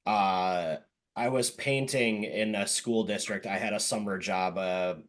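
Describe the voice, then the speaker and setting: A man hosting a casual podcast, his voice sitting a little low. He chats in an animated way and is quick to agree. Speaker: podcast host. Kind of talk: casual conversation.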